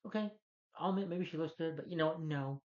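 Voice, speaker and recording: A man's voice: on the high side, fast, darkish tone, muffled recording. A man giving an unscripted rant of a movie review, blunt and rambling, who keeps repeating himself and dropping filler yeahs.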